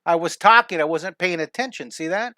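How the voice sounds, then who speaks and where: A high, bright male voice with an excited, chatty delivery, teaching a live drawing class in a middle-aged voice. The sound is close and dry, with no room around it. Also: fairly quick, no echo. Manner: enthusiastic, rambling, reads viewer comments aloud. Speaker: drawing instructor. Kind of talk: live-streamed drawing lesson.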